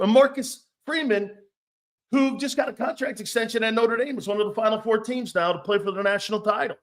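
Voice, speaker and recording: A man's voice: high voice, brisk. A man hosting a sports talk show, rambling and joking with frequent laughs, blunt and a bit profane.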